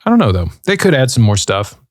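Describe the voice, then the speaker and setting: A man's voice: medium pitch, sing-song, fast, dry recording. A man in his thirties hosting a casual podcast, answering listener questions in a laid-back, rambling way with lots of fillers. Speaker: podcast host.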